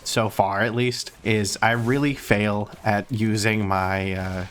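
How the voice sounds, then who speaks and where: A man's voice: fairly low pitch, steady tone, slow pace, fairly bright tone, a little hiss or hum. A man hosting a gaming channel, recapping runs and commenting live on his gameplay in a casual, chatty, self-deprecating way with frequent fillers.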